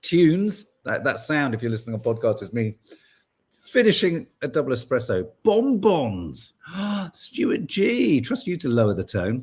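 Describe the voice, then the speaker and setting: A middle-aged man hosts a casual morning podcast. He talks in a rambling, self-correcting way, and his pitch swings widely from line to line. His voice has a slightly husky edge. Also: a little mellow. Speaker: podcast host. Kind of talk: casual chat greeting live viewers.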